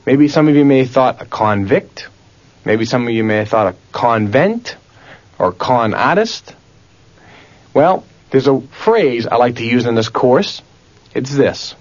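Guy teaching a memory course on tape, bouncy pitch, asks questions and repeats stuff, muffled old recording. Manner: animated, questioning teacher, repeats words aloud. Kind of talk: recorded audio lesson.

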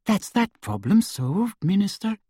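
A man's voice: high-pitched, very animated, measured pace, warm tone, husky, no echo, studio quality, pitched above the performer's own voice, exaggerated voice. A man voicing a prim, falsely sweet middle-aged woman official who speaks in a fussy, simpering way. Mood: sugary, prim.

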